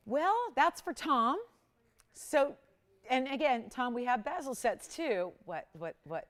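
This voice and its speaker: A woman hosting a live jewelry shopping show, giving a chatty, enthusiastic sales pitch and greeting callers by name. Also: a bit bright. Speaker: shopping channel host.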